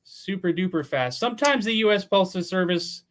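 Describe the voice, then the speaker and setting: A man's voice: high voice, animated, moderate pace, slight background noise. A man around fifty from Pennsylvania, hosting a casual livestream at home and chatting in a laid-back way that includes casual swearing. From Pennsylvania, USA. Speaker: livestream host.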